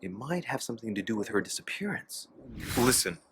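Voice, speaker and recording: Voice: medium pitch, big pitch swings, a little fast, a bit bright. An actor voicing a young nobleman in a video game who searches for his missing mother, speaking in polite, formal, period-style lines over faint noise. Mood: earnest.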